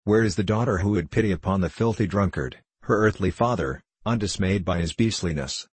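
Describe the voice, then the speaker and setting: A man's voice: deep voice, fairly quick, husky, no room sound. A man voicing a drunken, self-pitying middle-aged former clerk in an audiobook, rambling and pleading, rising to fervent declaiming. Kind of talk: audiobook character reading.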